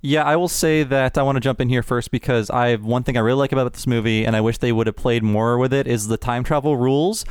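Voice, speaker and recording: A man chatting quickly and eagerly on a podcast, explaining film trivia. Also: medium pitch, smooth, dry recording. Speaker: podcast co-host. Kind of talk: casual chat.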